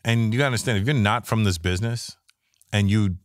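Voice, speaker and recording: Low-voiced comedian guy, fifties, from canada, swearing a lot and playing all the people in his stories, super dry sound. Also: quick pace, dry recording. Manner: profane, animated, acts out quoted voices. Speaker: stand-up comedian guest. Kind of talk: casual storytelling chat.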